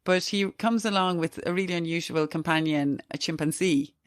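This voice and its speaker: A woman's voice: on the low side, moderate pace, no echo, studio quality. A woman hosting a book podcast, eagerly recommending a novel. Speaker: podcast host. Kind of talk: casual book chat.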